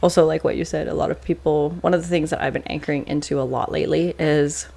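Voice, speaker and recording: Flat, gravelly-voiced woman, earnest. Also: low voice, fast. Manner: earnest, affirming. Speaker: podcast co-host. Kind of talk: casual chat.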